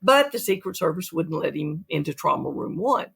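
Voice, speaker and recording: An author being interviewed on a podcast, telling stories in a lively way and acting out the quotes. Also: mid-range voice, moderate pace, gravelly, husky. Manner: lively storyteller who acts out quotes. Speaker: author and guest. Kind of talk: storytelling in an interview.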